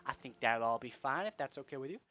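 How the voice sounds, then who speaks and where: A man voicing a gracious casino host who speaks smoothly and reassuringly. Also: mid-range voice, lively intonation, fast talker, fairly bright tone, lightly acted.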